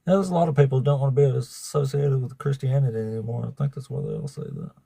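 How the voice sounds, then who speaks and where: A man's voice: medium pitch, big pitch swings, fast, gravelly, mellow, breathy edge, no room sound. A man hosting a livestream of debates, chatting casually with viewers, swearing freely and laughing often. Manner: profane, laughing, talks to chat.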